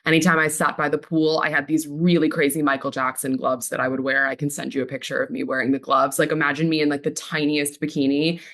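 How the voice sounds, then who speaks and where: A woman with a low voice talks as a podcast guest, emphatic and gossipy. She swears in passing and presses hard on her points. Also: little pitch movement, quick pace, few pauses, a bit bright. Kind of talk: casual chat.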